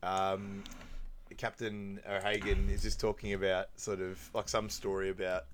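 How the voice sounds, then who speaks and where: A man's voice: low voice, completely flat delivery, measured pace, slight background noise. A man co-hosting a casual podcast who recaps a comedy film, acting out the lines and laughing often. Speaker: podcast co-host.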